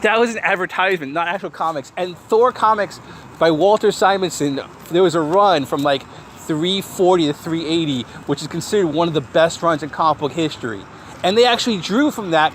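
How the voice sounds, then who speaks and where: Brief: high-pitched male podcast host, blunt sarcastic critic, light traffic noise behind. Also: fairly bright tone. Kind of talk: casual podcast chat.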